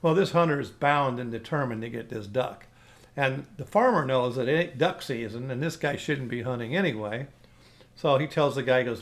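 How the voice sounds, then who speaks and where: A middle-aged man telling a folksy story casually, animated with sound effects. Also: medium pitch, moderate pace.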